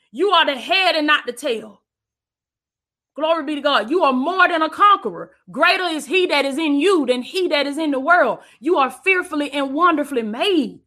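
A woman's voice: high-pitched, bright, forceful tone. A woman preacher giving an emphatic, repetitive livestream sermon, calling her listeners "baby" and thanking viewers between points.

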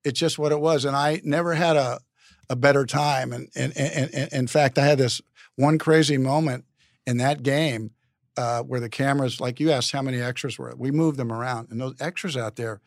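A man's voice: medium pitch, steady tone, normal speed, no echo. Guy rambling through a story on a podcast, keeps restarting his sentences, dead dry room. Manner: rambling, stop-start delivery with many repeated words. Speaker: guest. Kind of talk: casual anecdotal storytelling.

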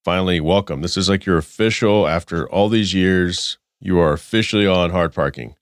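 A man's voice: sits low, normal speed, no echo, studio quality. A man hosting a casual car podcast, stuffed up with a cold, reading car news and riffing with restarts. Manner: rambling, self-correcting, reading stats then riffing. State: stuffed up, congested. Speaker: podcast host.

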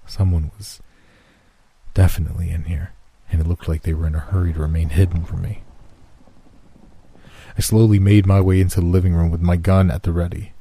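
A man narrating a first-person scary story in a slow, measured, suspenseful reading. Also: low-pitched, gravelly, dark tone, breathy edge, no room sound.

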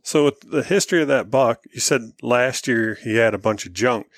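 A man's voice: medium pitch, moderate pace, no room sound, clean studio sound. A man hosting a podcast, asking probing questions and thinking aloud. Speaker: podcast host.

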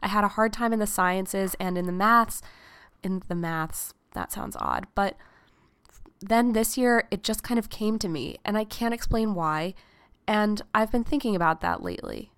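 An eighteen-year-old woman, hoarse from being sick, hosting a casual solo podcast in a chatty, reflective way. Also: mid-range voice, moderate pace, no echo, studio quality. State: hoarse from illness. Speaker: podcast host.

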